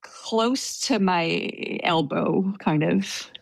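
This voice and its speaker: A woman telling a story in casual conversation, soft-spoken and hesitant with many fillers. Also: on the low side, very slow, creaky, no room sound. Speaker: storyteller guest.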